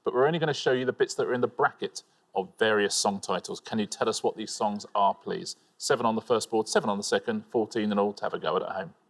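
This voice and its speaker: Fast-talking male quiz co-host. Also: fairly low pitch. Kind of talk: TV quiz hosting. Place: TV studio.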